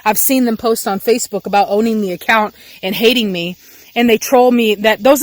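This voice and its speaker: A young Texan woman, a dog breeder, rants angrily in a vlog, passionate and emotional, repeating herself often. Her voice is a little high and moves at a normal speed, recorded dry.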